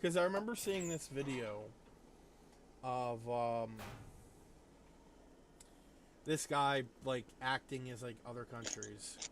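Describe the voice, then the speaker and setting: A man's voice: medium pitch, takes it slowly, long pauses, a little hiss or hum. A young man streaming a game, telling a rambling story full of fillers. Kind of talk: casual gaming stream chat.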